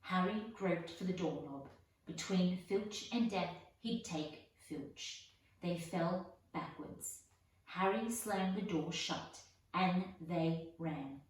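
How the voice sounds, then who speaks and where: A woman reading a children's storybook aloud in a measured, unhurried way. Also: fairly low pitch, slight background noise. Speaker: audiobook reader. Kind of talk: storybook narration. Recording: echoey room, voice from far off.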